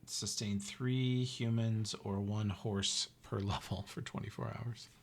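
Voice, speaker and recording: A man with a fairly low voice reads rules out at the game table. He gives blunt, joking advice to the other players. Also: fairly even intonation, slow, vocal fry. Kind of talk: casual game-table chat.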